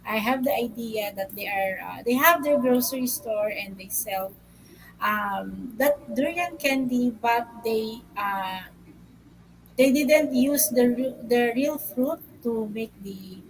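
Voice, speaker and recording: Slow, hesitant woman. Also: fairly high pitch, slight background noise, low-quality recording. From Philippines. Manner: slow, hesitant, with many fillers. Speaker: livestream host. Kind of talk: casual chat.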